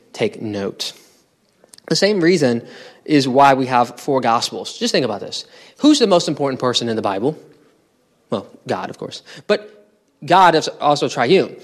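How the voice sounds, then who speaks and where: A man as pastor preaching a sermon in a conversational teaching style, asking the congregation rhetorical questions. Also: on the high side. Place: church.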